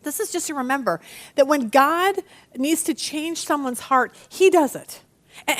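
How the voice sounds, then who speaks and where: High-voiced woman teaching a Bible lesson. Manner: animated teaching with dramatic read-aloud voices.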